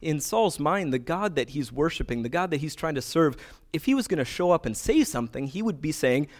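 A man's voice: fairly high pitch, big pitch swings, brisk. Man preaching a conversational sermon. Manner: conversational preaching with playful asides. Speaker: pastor.

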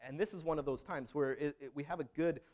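A man's voice: fairly high pitch, fast talker, a little mellow. A man preaching a sermon in a conversational, storytelling way, with frequent restarts. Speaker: pastor.

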